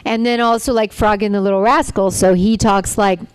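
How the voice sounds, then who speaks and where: A woman's voice: medium pitch, fairly even intonation, moderate pace, clear, resonant tone, no echo. A woman voice actor chatting on a convention panel, answering fan questions in a playful, chatty way. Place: convention hall panel room. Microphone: handheld microphone.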